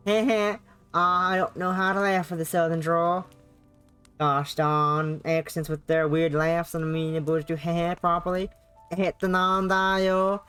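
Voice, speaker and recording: A woman's voice: lowish voice, level tone, slow pace, fairly bright tone, clear, resonant tone, soft background music. A woman streamer reading a visual novel aloud, stumbling over words with self-mocking asides.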